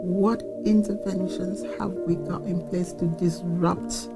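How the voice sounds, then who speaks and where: A woman makes a firm, deliberate point in an interview. Her voice is somewhat low, and music plays clearly underneath. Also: steady tone. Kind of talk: interview statement.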